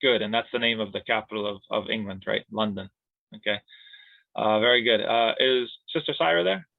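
A man's voice: fairly low pitch, a little fast, creaky, no echo. A man teaching Arabic grammar in an online class, explaining in a playful, jokey way. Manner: playful, jokey explanations with laughs and siren sounds. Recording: tinny phone-like line.

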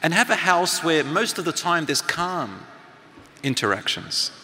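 A middle-aged man, a speaker and teacher, gives a motivational talk to a live audience and draws them in with questions and activities. His voice sits on the high side, sing-song, a little slow, pushed and bright. The recording carries a long hall reverb.

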